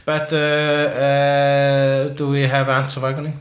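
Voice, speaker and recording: A man co-hosting a podcast in casual chat, talking in a halting, musing way with lots of filler sounds. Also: medium pitch, completely flat delivery. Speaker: podcast co-host. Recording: roomy echo.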